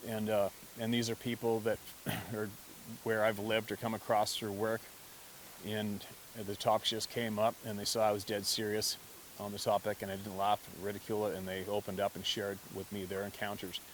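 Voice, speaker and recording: An adult man telling a story in a relaxed, conversational way, with frequent swearing and bursts of laughter. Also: fairly low pitch, moderate pace, a little hiss or hum, low-quality recording. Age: adult, past mid-twenties. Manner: conversational, profane, laughs often. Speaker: hunter telling encounter stories. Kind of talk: casual spoken storytelling.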